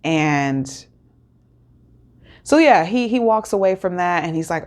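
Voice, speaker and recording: Slowly and expressively, a female host rambles through an episode recap, pausing often. Her slightly low voice has a darkish tone, and she keeps restarting and dropping in fillers.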